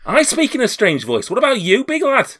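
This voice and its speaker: A man voicing a gruff, booming male townsman who shouts suspiciously through a door in a tabletop game. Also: wildly swooping pitch, brisk, full character voice. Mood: suspicious shouting.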